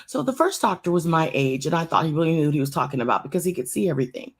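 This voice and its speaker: Low-voiced woman telling a church story. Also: expressive, racing, husky. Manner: repeats phrases for emphasis and draws the audience in. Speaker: church speaker. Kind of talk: conversational testimony to a congregation.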